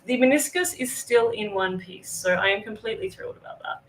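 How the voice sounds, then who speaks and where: A woman's voice: medium pitch, a little fast, fairly bright tone, slight background noise, poor audio. A woman with an Australian accent, chatting casually on a livestream, greeting viewers by name. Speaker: livestream host. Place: home in northern Thailand.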